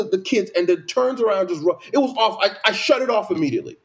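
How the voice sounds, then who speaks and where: A man's voice: sits high, fast talker, hardly any pauses. A man in casual conversation, venting emphatically with lots of repetition. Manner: animated, repetitive, emphatic complaints. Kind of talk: casual opinion chat.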